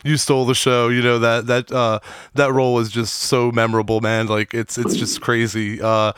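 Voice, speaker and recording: Smooth-voiced enthusiastic host. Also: male voice, medium pitch, level tone, normal speed, fairly bright tone, no room sound, clean studio sound. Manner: enthusiastic fan, casual slang. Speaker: podcast host. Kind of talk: casual podcast interview.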